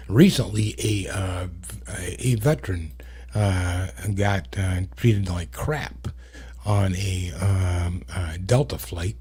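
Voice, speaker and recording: A man hosts his own talk show, riffing in blunt, profane commentary. His low, mellow voice is smooth and resonant. He rambles through fillers and trailing asides. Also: slow pace. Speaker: host. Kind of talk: casual commentary.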